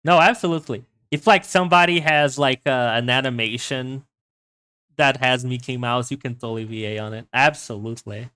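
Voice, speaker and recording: A man's voice: medium pitch, fairly quick, pushed and bright, clear, resonant tone, dry recording. A man chatting casually as co-host on a livestream, laughing often, stumbling over his words and swearing offhandedly. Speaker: streamer and podcast co-host.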